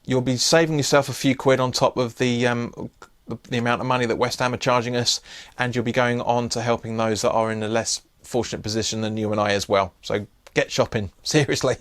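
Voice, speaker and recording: A man's voice: medium pitch, fairly even intonation, brisk. A man hosting a casual football preview vlog, chatty and loose, often restarting his sentences. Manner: chatty, frequent restarts and fillers. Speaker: host.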